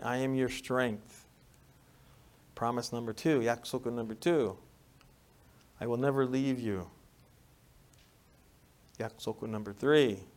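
A pastor with a New York accent and a mid-range voice preaches conversationally, often asking "right?" to check in with listeners. He swings between loud, emphatic moments and quiet, soft stretches.

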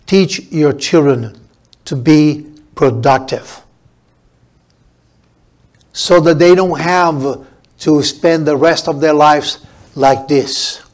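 A man's voice: fairly high pitch, drawn-out words, long pauses. A man preaching a sermon as pastor, emphatic and repetitive, building up his points.

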